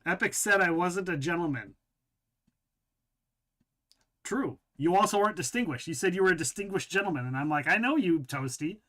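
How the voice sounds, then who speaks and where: Man, game streamer, high voice, bright tone, joking, rambling, chuckles a lot. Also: moderate pace, long pauses. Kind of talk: casual live-stream chat.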